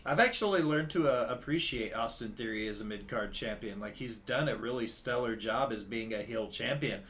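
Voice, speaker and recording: A man's voice: medium pitch, moderate pace, fairly bright tone, slight background noise. A man co-hosting a casual chat, confident and opinionated, quoting figures. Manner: confident, opinionated, stat-citing. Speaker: podcast co-host.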